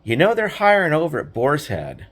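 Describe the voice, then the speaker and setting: An older man quoting a calm male meat inspector in a lower, slower, knowing voice. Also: full character voice. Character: calm male government meat inspector giving quiet advice.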